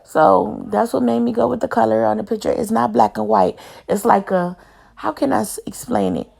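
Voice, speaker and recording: Young woman vlogger, chatty and rambling, fairly high voice with heavy vocal fry. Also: lively intonation, moderate pace, darkish tone. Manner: chatty, rambling, keeps addressing viewers as y'all. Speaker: home decor vlogger. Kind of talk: casual home tour chat.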